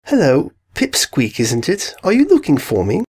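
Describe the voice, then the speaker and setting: A woman voicing a kind, gentle adult pony princess who speaks softly and warmly. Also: sits low, huge pitch swings, normal speed, husky, full character voice. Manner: warm, conspiratorial.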